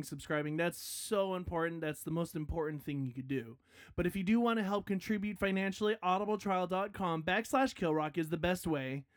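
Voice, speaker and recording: A podcast host in a casual outro, chatty and rambling, poking fun at themself and now and then bursting into loud hype yells. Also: medium pitch, no echo, studio quality. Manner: chatty, self-mocking, rambling.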